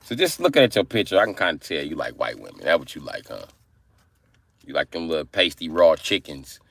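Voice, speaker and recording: A man's voice: rumbling low, very animated, a little fast, gravelly, fairly bright tone, no echo. A man ranting crudely on a comedic live stream, rambling and profane.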